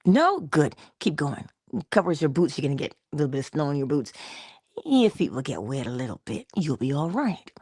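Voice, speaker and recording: A woman giving a conversational motivational talk, coaching her listener and dropping into soft whispers for emphasis. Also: deep voice, sing-song, fairly quick, breathy edge, no room sound, clean studio sound. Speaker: inspirational speaker.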